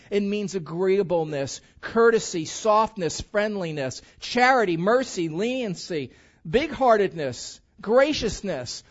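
A male pastor with a fairly high voice, preaching a sermon in a relaxed, conversational way. He leans hard into key words, building energy as he goes. The recording sounds dull and lo-fi.

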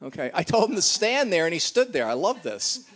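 A man's voice: sits high, sing-song, fairly quick, a bit bright. A middle-aged man leading a church gathering, joking and teasing his congregation in a casual, chatty way.

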